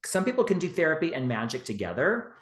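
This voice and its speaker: A man speaking as a podcast guest in relaxed, rambling conversation, full of "you know" fillers. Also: a little high, fast talker, slight background noise. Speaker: guest, witchcraft teacher. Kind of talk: casual interview talk. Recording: roomy echo.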